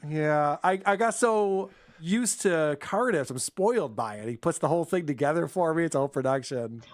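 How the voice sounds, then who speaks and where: A man's voice: fairly high pitch, moderate pace. A man hosting a casual podcast who runs a quiz game in an easygoing way and laughs often. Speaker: podcast host.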